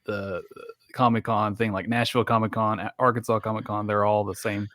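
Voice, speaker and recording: A man's voice: lowish voice, level tone, a little fast, bright, forceful tone, no room sound, studio quality. A man co-hosting a podcast in casual chat, rambling along and laughing often. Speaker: podcast co-host.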